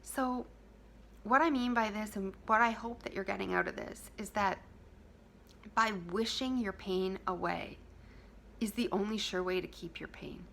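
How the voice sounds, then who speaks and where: Speaking a little slowly in a creaky, medium-pitched voice, a woman offers viewers a sincere self-help talk. Her manner is soft and intimate, at times a whisper, as she repeats key phrases over a little hiss or hum.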